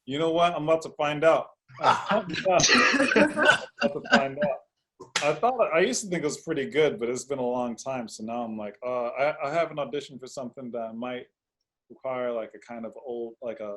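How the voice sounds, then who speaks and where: A relaxed man talks easily in a mid-range voice, chuckling as he goes. He comes through a video call. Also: medium pitch, normal speed. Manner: relaxed, easygoing, laughs often. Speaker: actor, interview guest. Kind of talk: casual video-call interview.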